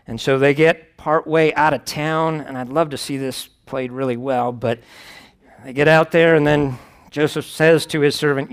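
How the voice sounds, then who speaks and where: A man's voice: fairly high pitch, fairly even intonation, normal speed, clean tone. A man preaching, reading scripture aloud and explaining it in a conversational way, with wry asides.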